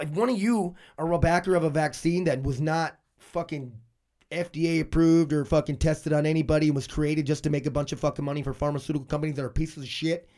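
A man's voice: a little high, mellow. A man in his forties hosting a casual podcast, rambling and cursing, his voice stuffy and congested from a cold. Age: 40s. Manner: profane, rambling, ranting. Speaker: podcast host.

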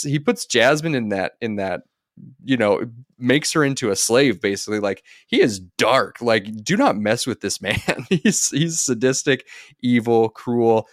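Low-voiced man, casual podcast chat. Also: no room sound, studio quality. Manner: rambling, laughs between points. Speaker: podcast co-host. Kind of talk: casual movie review chat.

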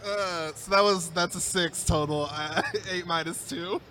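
A man's voice: high-pitched, steady tone, a little slow, sharp tone, a little hiss or hum. A man playing a tabletop game, laid-back and hesitant. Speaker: player.

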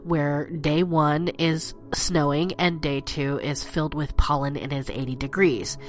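A woman's voice: fairly even intonation, measured pace, soft background music. A woman hosting a spooky storytelling podcast, stuffy and congested from allergies, chatty and playful. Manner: chatty and playful, dramatic swells in pitch. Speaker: podcast host.

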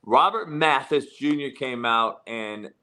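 A man's voice: mid-range voice, lively intonation, a little slow, bright, forceful tone. A man hosting a sports talk show, chatting loosely and throwing leading questions at his guests.

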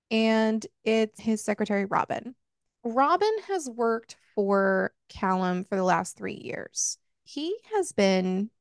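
A woman co-hosting a book club podcast, retelling a romance novel in a casual, profane, animated way. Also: medium pitch, gravelly, dry recording, clean studio sound. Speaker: podcast co-host. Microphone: close podcast mic.

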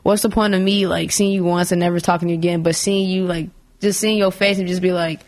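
A woman's voice: lowish voice, flat delivery, fast talker, darkish tone. A woman poet, a podcast guest who rambles casually, full of "like" and giggles. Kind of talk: casual interview chat.

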